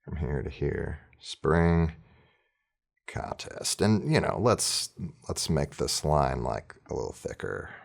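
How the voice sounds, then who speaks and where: A man's voice: extremely low pitch, lively intonation, slow, gravelly. A man teaching orchestra planning in a casual, chatty screen-recorded tutorial, thinking aloud as he works.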